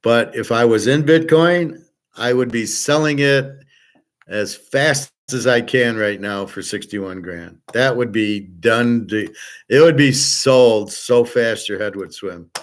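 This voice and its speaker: A man teaching a relaxed online class, blunt and profane, rambling with restarts and answering viewers' chat. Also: medium pitch, takes it slowly. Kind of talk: casual livestream lecture.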